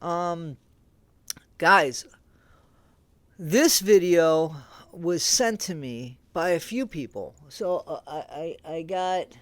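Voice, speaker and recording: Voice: medium pitch, dry recording. A YouTube host in a casual commentary vlog, rambling and incredulous, talking straight to viewers with frequent restarts. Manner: rambling, conversational, restarts often.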